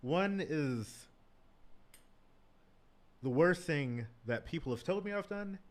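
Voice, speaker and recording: A man's voice: a little high, lively intonation, takes it slowly. A man in his thirties telling stories as a guest in a casual chat. He swears freely and often says "like" and "bro". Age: 30s.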